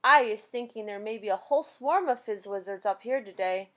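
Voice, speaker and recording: A woman voicing a big, gentle, excitable male giant who mangles his grammar and makes up words. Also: medium pitch, fairly quick, natural voice. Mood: fussy.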